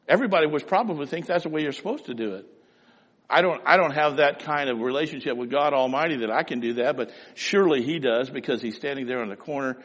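Pastor preaching in a reverberant hall. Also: male voice, a little high, highs cut off. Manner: storytelling, swings from loud emphasis to hushed asides. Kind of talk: sermon.

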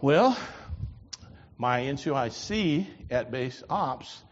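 A man preaching a sermon, telling a personal story in a folksy, animated way. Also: medium pitch, slow pace. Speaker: preacher giving testimony. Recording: lo-fi reverberant hall.

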